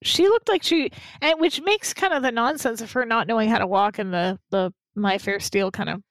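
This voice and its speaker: A woman with a high voice co-hosts a casual podcast, speaking bluntly and giving her opinions freely. She laughs often between points. The recording is dry and close. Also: moderate pace, no room sound. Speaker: podcast co-host. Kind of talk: casual chat.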